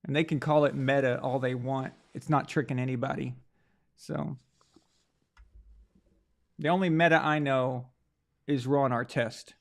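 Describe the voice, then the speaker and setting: A man's voice: medium pitch, fairly even intonation, a little slow, creaky, pauses often. A man hosting a live stream, chatting casually and joking with viewers. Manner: joking, rambling, mock French voice at times. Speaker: host. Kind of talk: live-stream chat, reading viewer comments.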